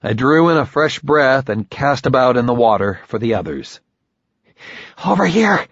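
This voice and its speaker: A man narrating a first-person audiobook in a measured, grim storytelling manner. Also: mid-range voice, expressive, no echo. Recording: dull lo-fi recording.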